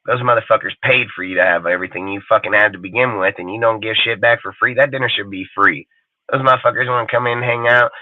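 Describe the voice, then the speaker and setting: On a profane live stream, a medium-pitched man rants angrily, swears constantly and mocks the voices of others. The recording is dry and tinny, like a phone.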